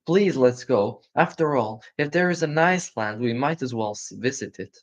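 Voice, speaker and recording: A man's voice: medium pitch, animated, moderate pace, voice pushed up, close to an everyday voice. A man doing an eager, pleading young girl. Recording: muffled lo-fi recording.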